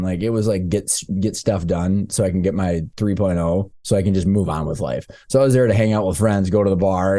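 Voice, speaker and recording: A man's voice: deep voice, warm tone. A man in his thirties, a podcast guest telling his story in a candid, loose, casual way, with slangy asides and frequent restarts. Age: 30s.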